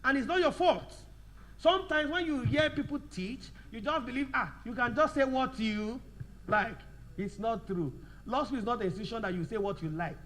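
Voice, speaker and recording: Male law lecturer, high voice, drills the class with fill-in-the-blank questions and dictates slowly. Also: animated, a bit bright, slight background noise. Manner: slows down to dictate notes.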